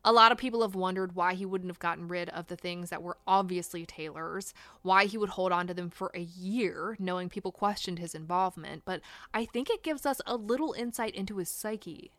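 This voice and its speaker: A woman's voice: lowish voice, fairly quick, few pauses, fairly bright tone, dry recording. Blunt, indignant woman narrating true crime. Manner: blunt, indignant, swears for emphasis. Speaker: true crime podcast host.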